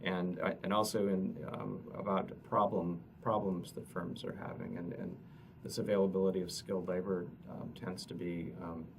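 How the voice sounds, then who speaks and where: A man, an economist, explaining survey results at a press conference in a halting way, often repeating words. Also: deep voice, little pitch movement, creaky. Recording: distant mic with noticeable noise.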